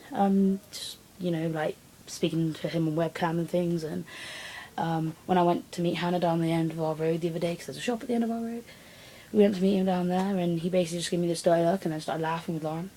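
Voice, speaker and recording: A teenage girl telling a long personal story to her camera, rambling and acting out other people's lines. Her voice sits a little low and sounds mellow and dark. A faint hiss of room noise sits under it. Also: rough recording. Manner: rambling, animated retelling with acted quotes. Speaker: vlogger. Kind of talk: casual storytelling vlog.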